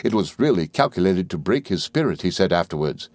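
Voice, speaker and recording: A man narrating a classic novel as an audiobook reader in a measured, even delivery. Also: sits low, no echo.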